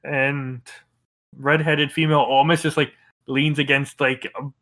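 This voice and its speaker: A man's voice: fairly high pitch, little pitch movement, measured pace, a bit bright. A man narrating as game master of a tabletop game, in a loose style full of fillers.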